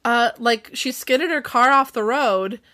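A young woman in casual podcast chat, with a voice that sits a little high. She retells a story in a lively way and acts out the characters' lines. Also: a little slow. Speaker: podcast co-host. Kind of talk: casual book discussion chat.

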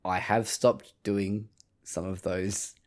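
A man's voice: sits low, level tone, takes it slowly, a little mellow. A man chats casually on a gaming podcast. He swears freely and acts out his own reactions to the game. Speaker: podcast co-host. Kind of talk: casual chat.

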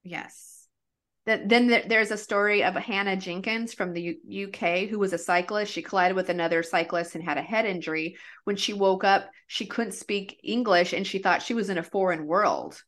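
This podcast host talks at normal speed in a medium-pitched, slightly bright voice. Her casual, rambling case-telling is filled with "like" and frequent restarts.

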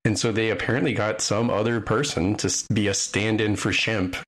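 A man in casual podcast chat, talking in a hesitant way with many pauses and fillers. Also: on the low side, fairly even intonation, a bit bright.

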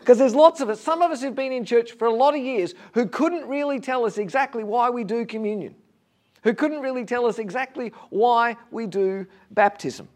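A man preaching a sermon in a conversational way, asking rhetorical questions with gentle humor. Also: very high-pitched, moderate pace. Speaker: pastor.

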